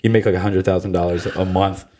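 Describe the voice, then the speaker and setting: A man's voice: sits low, fairly even intonation, fast talker, mellow. A man hosting a comedy podcast, rambling casually with lots of fillers and laughs. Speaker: podcast host.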